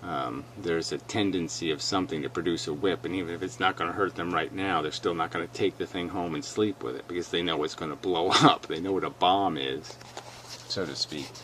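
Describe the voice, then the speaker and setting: A man's voice: low voice, a little fast, a bit bright, slight background noise. A man hosting a video reaction, talking bluntly and emphatically as he argues his point. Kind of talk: argumentative commentary.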